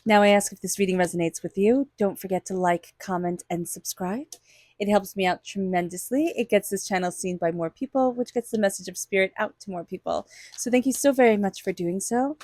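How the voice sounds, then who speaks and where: A woman's voice: medium pitch, a little fast, a little mellow, no room sound, clean studio sound. A woman tarot reader giving a monthly reading straight to her viewers, chatty and enthusiastic, sometimes acting out little quoted voices.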